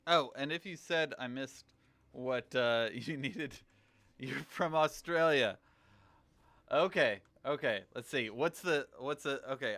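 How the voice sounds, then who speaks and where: A man chatting casually as a game streamer on a livestream, rambling and thinking out loud. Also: medium pitch, smooth, dry recording. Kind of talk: casual livestream chat while gaming.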